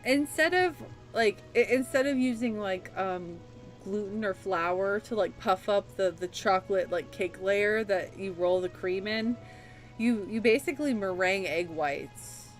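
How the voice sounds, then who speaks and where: A woman's voice: medium pitch, measured pace, soft background music. A young woman streaming a game, chatting casually and emotionally with lots of fillers. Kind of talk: casual chat.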